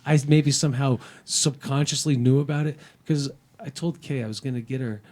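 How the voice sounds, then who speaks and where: A man's voice: medium pitch, steady tone, brisk, darkish tone. A man co-hosting a podcast, rambling and swearing, sheepish and apologetic in casual banter. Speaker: podcast co-host.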